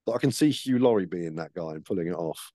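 Speaking fast and expressively in a low, mellow register, a male podcast co-host tells stories full of swearing and acted-out voices. It's a casual chat, recorded dry with studio quality.

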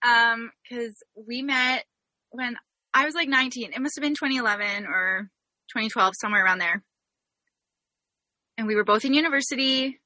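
A woman's voice: on the high side, moderate pace, long pauses, pushed and bright, no echo. A young Canadian woman hosting a podcast, telling a story in a bubbly, giggly way. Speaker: podcast host. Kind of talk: casual interview chat.

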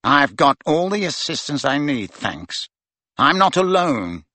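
A man's voice: on the high side, big pitch swings, a little slow, bright, forceful tone, no echo, full character voice. A man voicing a sullen, defiant teenage boy who sneers and sounds resentful, in an audiobook. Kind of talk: audiobook character voice.

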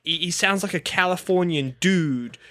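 Brief: bright, slightly high male podcast co-host, rambling and animated. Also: normal speed, no echo, clean studio sound. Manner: animated, rambling with many restarts. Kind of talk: casual film discussion.

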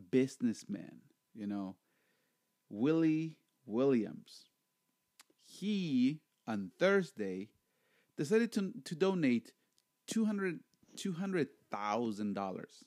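A man hosts a loose, jokey podcast chat, and his pitch swings widely from one moment to the next. He often repeats himself as he talks. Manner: animated, repeats words, jokey. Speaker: podcast host.

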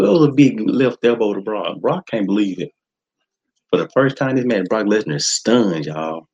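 Excitable man, husky lively commentary. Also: normal speed, muffled recording. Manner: animated, casual slangy talk with sudden high excited shouts. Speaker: podcast host. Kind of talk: excited live wrestling watch-along commentary.

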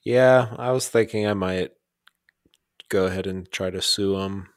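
Slow-talking low-voiced man. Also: no room sound, studio quality. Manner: slow, rambling, self-deprecating. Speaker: podcast co-host. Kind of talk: casual podcast chat.

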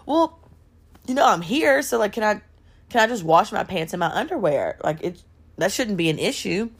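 A man's voice: high voice, big pitch swings, moderate pace, fairly bright tone, husky, full character voice. A woman voicing an oblivious, pushy older man who talks in a breezy, insistent way. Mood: nonchalant.

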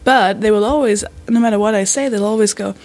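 A woman's voice: mid-range voice, quick pace, a little mellow, soft background music. A woman hosting a comedy podcast, rambling and friendly, laughing a lot. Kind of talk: casual podcast conversation.

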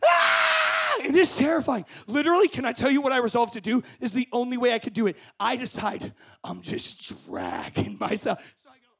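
A young man telling a story to a group as a camp speaker, acting out scenes with shouts and voices. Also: very high voice, sing-song, brisk, vocal fry.

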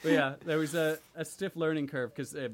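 A man's voice: fairly high pitch, fairly even intonation, a little fast. A man co-hosting a podcast in casual chat, rambling through anecdotes with dry asides. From abroad, came to the UK at sixteen. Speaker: podcast co-host.

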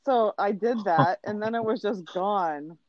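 Woman, mid-pitched voice, dry, muffled lo-fi sound, wry casual chat. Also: measured pace, no room sound. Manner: wry, questioning, easy laughter. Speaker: podcast co-host. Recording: dull, lo-fi.

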